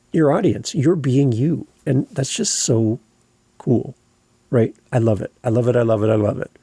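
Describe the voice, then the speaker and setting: A man hosting a podcast, giving earnest, encouraging coaching on clear speech and stressing the ends of words. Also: mid-range voice, mellow, no echo. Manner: earnest, encouraging, emphatic on word endings. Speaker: podcast host.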